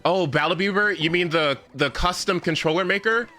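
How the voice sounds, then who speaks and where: A man's voice: high voice, a little fast. A man streaming a game, chatting casually with a friend over voice chat, stammering, laughing and teasing with frequent swearing.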